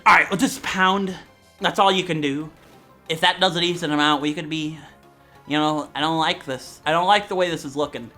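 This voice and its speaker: A man hosting a Let's Play at home, joking loudly and often breaking into shouts over the gameplay. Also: fairly high pitch, normal speed, faint music behind. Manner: loud, jokey, swings into shouting. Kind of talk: excitable gameplay commentary.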